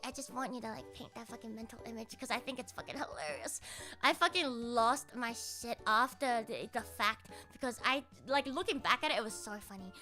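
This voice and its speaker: A woman livestreamer telling a story in casual chat, animated, swearing a lot and laughing along. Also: fairly high pitch, brisk, soft background music.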